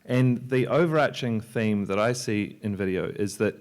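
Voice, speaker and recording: A man, a software entrepreneur and filmmaker, giving a loose, joking talk on a library panel, with many restarts and fillers. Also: lowish voice, moderate pace. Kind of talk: conference talk. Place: lecture hall at a library.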